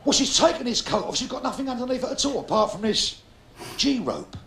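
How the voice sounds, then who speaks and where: Cockney comic in his 50s, crude gags, voice jumps all over, boomy hall with laughter going off. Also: very animated, fairly quick, heavy background noise. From London, England. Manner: brash, crude punchline delivery, heckling the crowd. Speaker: stand-up comedian. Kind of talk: live stand-up routine. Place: large theatre stage. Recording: echoey hall, loud audience laughter, 1990s live video. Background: audience laughter.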